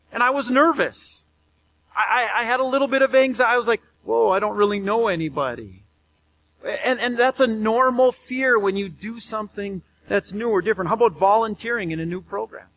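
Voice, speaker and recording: A man's voice: high-pitched, a bit bright. A man who is a pastor, preaching a sermon in a conversational way and often repeating words as he speaks.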